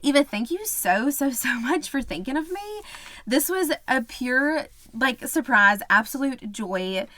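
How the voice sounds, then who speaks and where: A young woman with a fairly high, bright-sounding pitch chats cheerfully to camera as the host of a budgeting channel. She repeats words for emphasis and laughs easily. Her voice sits close and dry, with almost no room around it. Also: animated, measured pace, no echo. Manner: laughs often. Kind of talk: casual chat to camera.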